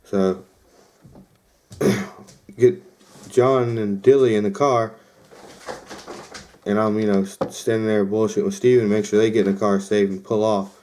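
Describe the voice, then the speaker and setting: A man's voice: lowish voice, steady tone, a little slow, long pauses, a little mellow. A young man hosting a podcast, casually telling a rambling story with lots of fillers and quoted asides. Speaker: podcast host.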